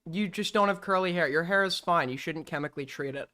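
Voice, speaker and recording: A man's voice: fairly high pitch, fast, pushed and bright. A man hosting a livestream call-in show, talking bluntly and profanely and firing off rhetorical questions. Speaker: streamer host taking call-ins. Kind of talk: casual livestream commentary.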